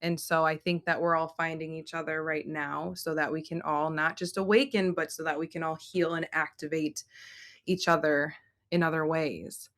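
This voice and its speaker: A woman's voice: deep voice, fairly even intonation, moderate pace, fairly bright tone. A woman host of a spiritual channeling session, speaking in an earnest, flowing, reflective way on a video call. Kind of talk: casual group video chat.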